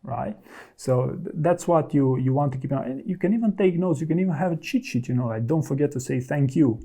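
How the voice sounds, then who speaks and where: A man's voice: fairly high pitch, lively intonation, fast talker, warm tone. A man working as a career coach, talking straight to the viewer and giving direct, instructive advice. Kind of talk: advice talk to camera.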